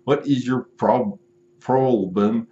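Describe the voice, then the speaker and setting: A man voicing an irate male online buyer, reading his angry messages slowly and loudly, raising his voice above his own. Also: lowish voice, slight background noise. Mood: threatening. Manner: slow, indignant, louder than his own talk. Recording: roomy, dull lo-fi sound.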